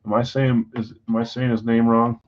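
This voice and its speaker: A man hosting a live stream at a middle pitch, chatting loosely and calling out buyers' names as he goes. He sounds scattered and jokes at his own expense. The audio is dull and lo-fi. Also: level tone, normal speed. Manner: casual, scattered, self-deprecating, reads off buyers' names. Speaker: card break host. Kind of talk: live-stream chat running trades.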